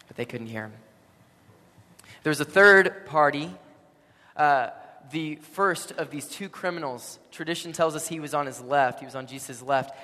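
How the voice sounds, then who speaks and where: A man preaching a sermon, telling a story with dramatic swings between loud and hushed. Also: fairly high pitch, normal speed. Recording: long hall reverb.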